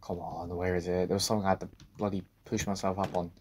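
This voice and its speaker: A man giving a let's-play commentary on a horror game, talking to himself, swearing and breaking into sudden loud outbursts. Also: low voice, flat delivery, fast, a little hiss or hum. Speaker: gaming video creator.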